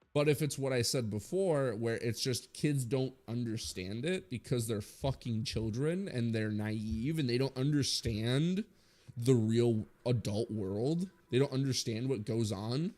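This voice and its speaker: A man's voice: medium pitch, a little mellow. A man in his twenties giving a blunt, rambling opinion rant full of swearing, as a streamer talking to his viewers.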